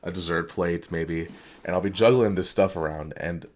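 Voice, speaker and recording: Very deep-voiced man chatting casually. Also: moderate pace, a little mellow. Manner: laughs often, rambling storytelling. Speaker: podcast co-host. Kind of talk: casual chat.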